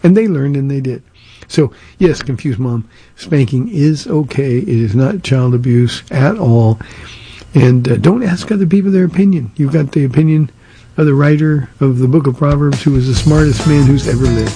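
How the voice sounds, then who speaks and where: Older pastor with a husky, mellow voice. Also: male voice, medium pitch, moderate pace. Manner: plainspoken, frequent "uh" and repeated words. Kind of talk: radio Q&A sermon.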